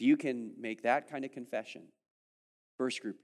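Animated preacher man in a reverberant hall. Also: mid-range voice, a little slow, pauses often. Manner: animated, acts out listeners' voices, swings from loud to hushed. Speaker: pastor. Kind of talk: sermon.

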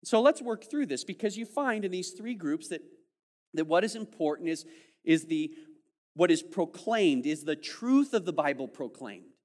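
A man preaching a sermon, voicing his listeners' doubts in quick asides, then slowing and dropping to a hush before rising again. His voice sits a little higher than most men's. The sound carries the long reverb of a large church hall. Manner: animated, acts out listeners' voices, swings from loud to hushed. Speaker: pastor.

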